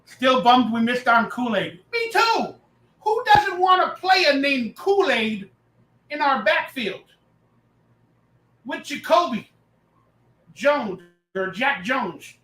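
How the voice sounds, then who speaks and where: A man hosting a casual live reaction stream, talking loudly and excitably, reading and answering chat messages as he goes. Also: very high-pitched, slow pace, long pauses, reverberant, low-quality recording. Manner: loud, excitable, reads chat aloud.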